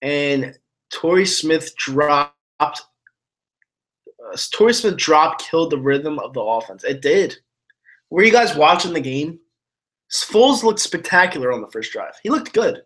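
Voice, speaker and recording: Fairly high-pitched and expressive, a bit slow and slightly bright, this streamer rages about his football side in live commentary while taking chat comments. He swears a lot and rambles, often stumbling and starting over.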